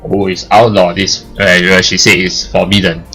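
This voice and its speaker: Let's play host, male, lowish voice, casual, jokey, reads narration aloud. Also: normal speed, slightly rough, soft background music. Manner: joking, laughs at the story, gets loud when excited. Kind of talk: reading game text aloud with casual commentary.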